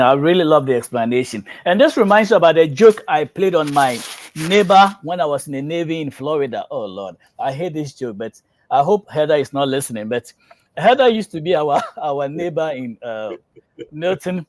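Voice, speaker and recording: Animated man telling a prank story. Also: on the high side, normal speed, no echo. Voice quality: animated storyteller, many fillers and restarts. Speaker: health show host and lab worker. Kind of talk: casual storytelling and reading out health info.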